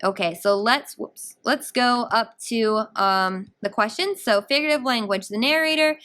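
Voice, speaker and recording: Woman teacher explaining a story to her class, kinda high voice, animated and chatty. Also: normal speed. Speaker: English teacher. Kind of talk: guided reading lesson.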